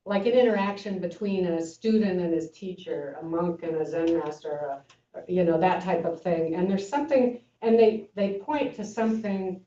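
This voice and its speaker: An older woman giving an informal talk as a Zen teacher, speaking haltingly with many fillers and restarts. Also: dark tone. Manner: acts out story voices with lifted pitch. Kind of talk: informal lecture. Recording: echoey room, mic far off, dull sound.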